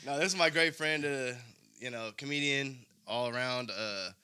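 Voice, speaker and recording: A man's voice: medium pitch, normal speed, clean tone. A man co-hosting a podcast, chatting casually and telling stories with swearing. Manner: relaxed, swearing, lively storytelling. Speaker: podcast co-host.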